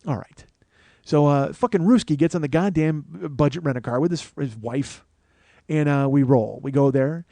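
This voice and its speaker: A man's voice: on the high side, normal speed, dark tone, no echo. A man telling a comic story as a podcast host, profane and ranting with mock paranoia.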